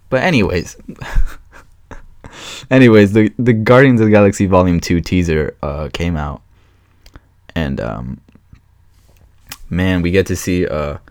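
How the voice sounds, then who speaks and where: A man hosting his own podcast in a casual solo chat, rambling and excitable with many fillers and restarts. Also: low voice, dry recording, clean studio sound. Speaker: podcast host.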